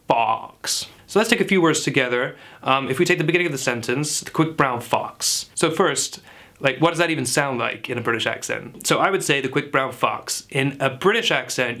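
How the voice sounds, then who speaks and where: A man's voice: mid-range voice, fairly bright tone, natural voice. A man playing a self-assured but clueless dialect coach, who lectures earnestly like an expert in a parody tutorial.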